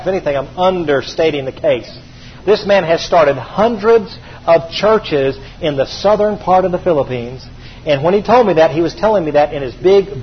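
A male preacher telling stories in a sermon, emphatic and repeating his key phrases. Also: high-pitched. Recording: dull recording with faint background hiss.

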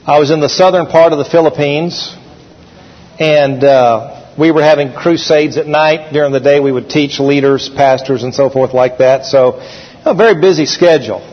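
A man's voice: fairly high pitch, moderate pace. A man preaching a sermon in a folksy storytelling manner with fillers. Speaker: pastor. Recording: echoey hall, dull sound.

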